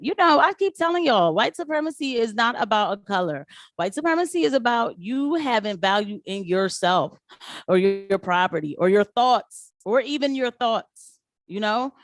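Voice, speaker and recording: Animated woman ranting to her viewers. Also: medium pitch, no room sound, clean studio sound. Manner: animated, talks back to viewers, mocks voices in quotes. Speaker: political commentary vlogger. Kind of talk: casual live-stream commentary.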